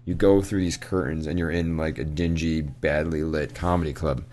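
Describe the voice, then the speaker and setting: A man's voice: extremely low pitch, steady tone, normal speed, a little mellow. A man co-hosting a casual podcast, telling a long rambling story with frequent laughs. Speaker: podcast co-host. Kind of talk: casual chat.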